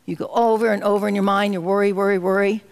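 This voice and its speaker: A woman's voice: medium pitch, flat delivery, quick pace, a little mellow. A woman minister giving a sermon in a community center hall, leading the congregation through a guided meditation and spoken affirmations. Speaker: guest minister.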